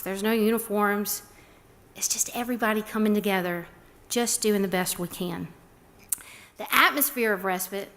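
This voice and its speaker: A middle-aged woman giving a prepared talk, telling stories and acting out the quoted lines. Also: fairly high pitch. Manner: warm, storytelling, acts out quotes. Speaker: speaker on a respite care program.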